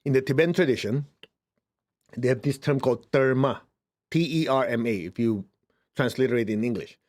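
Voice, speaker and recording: A man teaching spirituality in a conversational way, checking in with his listeners often and jumping up in pitch for emphasis. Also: brisk. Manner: lively, swings up in pitch for emphasis. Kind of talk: informal spiritual talk.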